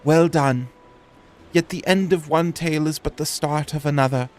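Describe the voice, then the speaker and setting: A man's voice: on the high side, fairly even intonation, moderate pace, a little mellow, pitched above the performer's own voice, close to an everyday voice. A man voicing Minfilia, a poised young woman leader, reading her game lines in a formal, stately way. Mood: gracious. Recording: faint game music behind.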